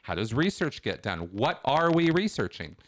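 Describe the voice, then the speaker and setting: A middle-aged man hosting a call-in show, talking in a casual, animated, emphatic monologue with frequent restarts. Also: medium pitch, moderate pace.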